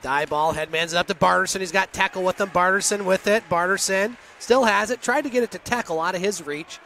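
Bright, high-voiced man calling hockey. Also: slight background noise. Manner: rapid, clipped play calls with chatty asides. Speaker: play-by-play announcer. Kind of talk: hockey play-by-play commentary.

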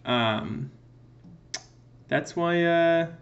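A man's voice: a little high, extremely slow, highs cut off. A man giving joking let's-play commentary in a playful, goofy way, answering in mock meows. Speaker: gaming video creator.

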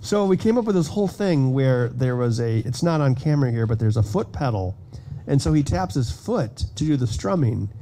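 A man giving a conference keynote in a casual, self-deprecating way, telling animated stories about his builds. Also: medium pitch, moderate pace, slight background noise. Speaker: keynote speaker. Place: conference hall stage.

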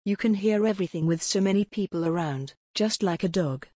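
A woman's voice: mid-range voice, brisk, mellow, no echo, studio quality, lightly acted. A woman voicing a playful, cheeky young man with a teasing, coaxing manner.

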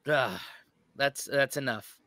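Bright American man reacting casually. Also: mid-range voice, no room sound, clean studio sound. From United States. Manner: chatty, halting with restarts. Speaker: reaction channel host.

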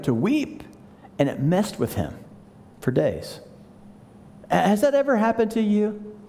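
A man's voice: sits high, darkish tone. A male pastor preaching a conversational, storytelling sermon and acting out the lines he quotes. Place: large church sanctuary. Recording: long church hall reverb.

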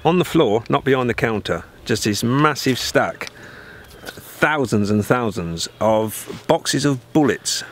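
A man's voice: mid-range voice, takes it slowly, a little hiss or hum. A man from the UK on a road trip, chatting and telling stories for a travel vlog with plenty of jokes. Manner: chatty, animated storytelling with joking. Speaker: vlogger. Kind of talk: casual travel vlog chat.

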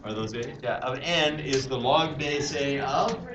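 A man's voice: medium pitch, measured pace, a crowd in the background. A male math teacher lecturing a class, explaining step by step and questioning the students. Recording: roomy, distant classroom mic with hiss.

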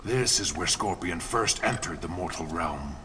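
An actor playing a grim male warrior in a fighting game, speaking slow and stern. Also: sits low, animated, background noise. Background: game music.

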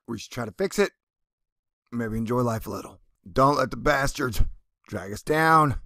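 A man's voice: mid-range voice, creaky, pushed and bright, dry recording, clean studio sound. A man hosting a casual comedic news commentary vlog, reading article passages aloud and mocking them with sarcastic asides.

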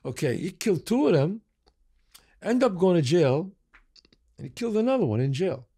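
A man's voice: high voice, normal speed, slightly rough. An older man, hosting a podcast and telling stories animatedly, acting out the people he quotes. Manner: animated storyteller, acts out quoted voices. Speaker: podcast host. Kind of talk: casual chat, storytelling.

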